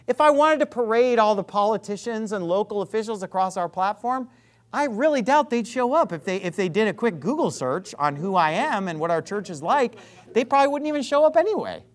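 A man preaching a fiery sermon as pastor, sarcastic and combative, swinging between loud emphatic lines and muttered asides. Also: high-pitched, expressive, brisk.

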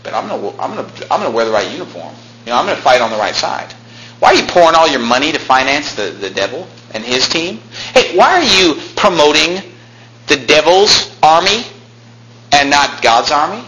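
A male pastor preaching a combative sermon, with big swings in pitch and loudness that climb to shouts. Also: sing-song, fairly quick. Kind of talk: fiery Baptist sermon. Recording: echoey room with faint noise.

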